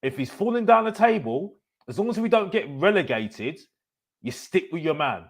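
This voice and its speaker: Man hosting a live fan stream, emphatic ranter, voice on the higher side. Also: moderate pace, vocal fry. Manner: animated, repetitive, emphatic. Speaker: host of a football fan channel. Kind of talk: live-stream opinion rant.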